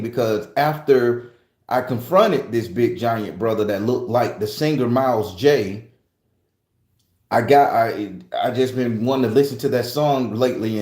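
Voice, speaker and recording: A man casually retelling a dream, rambling and swearing freely as he acts out what happened. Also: medium pitch. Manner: profane, rambling, animated retelling. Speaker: tarot reader sharing a dream. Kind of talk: casual storytelling. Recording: echoey room.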